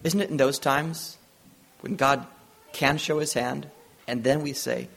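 A man's voice: mid-range voice, steady tone, measured pace, vocal fry, long pauses, fairly bright tone, husky. A man preaching a sermon, retelling a Bible story with earnest storytelling and acted-out dialogue.

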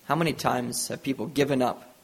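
A man's voice: mid-range voice, steady tone, brisk, vocal fry, breathy edge. A man preaching a sermon, retelling a Bible story with earnest storytelling and acted-out dialogue.

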